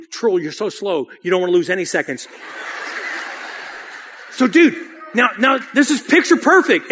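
Male preacher, high voice, animated and casual storyteller. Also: husky. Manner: lively and casual, often says "dude". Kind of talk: storytelling sermon.

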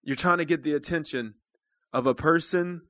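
High, bright-voiced preaching man. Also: moderate pace, no room sound, clean studio sound. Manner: earnest, conversational preaching that swells into loud calls to the congregation. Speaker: church minister. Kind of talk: sermon.

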